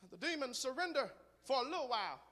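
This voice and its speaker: A man preaching a sermon in a large church, moving from quiet talk to shouted, rhythmic preaching. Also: extremely high pitch, big pitch swings, fast, big-room sound. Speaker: guest preacher.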